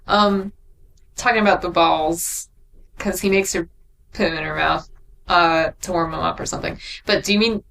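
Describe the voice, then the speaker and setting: A woman's voice: fairly low pitch, fairly even intonation, normal speed, creaky, fairly bright tone. Giggly sarcastic woman cohost, casual chat, says sorry a lot, faint hiss in the back. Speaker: podcast co-host. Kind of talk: casual chat, book critique.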